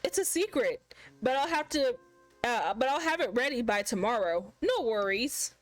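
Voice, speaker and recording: A woman reading the lines of a sweet, supportive young man in a soft, reassuring way, with faint music behind. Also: fairly high pitch, lively intonation, normal speed, no room sound, close to an everyday voice.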